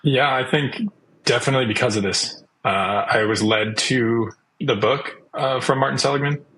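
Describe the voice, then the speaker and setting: A man's voice: mid-range voice, normal speed, fairly bright tone, low-quality recording. A young man talking casually as a guest, chatty, with lots of "like" and acted-out quotes. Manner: chatty, many "like"s, acts out quotes. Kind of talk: casual interview talk.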